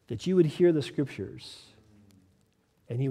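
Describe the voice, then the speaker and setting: Male pastor, animated sermon delivery with acted quotes; mellow tone, long hall reverb. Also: mid-range voice, extremely slow, creaky, pauses often. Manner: animated preaching, acting out quotes, laughs.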